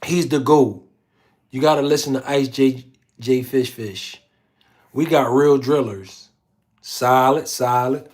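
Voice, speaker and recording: A man's voice: mid-range voice, slow pace, long pauses, darkish tone. A man hosting a casual livestream, reading viewer comments aloud in a slangy, laid-back way. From Philadelphia. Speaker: livestream host.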